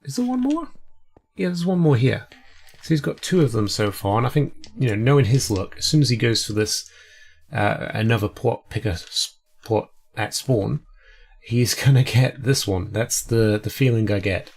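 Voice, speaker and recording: A man's voice: medium pitch, animated, normal speed, a little mellow. A man with a cold, chatting casually and rambling through his gameplay commentary as host. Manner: rambling, chatty, self-deprecating. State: sick with a cold. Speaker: let's play host.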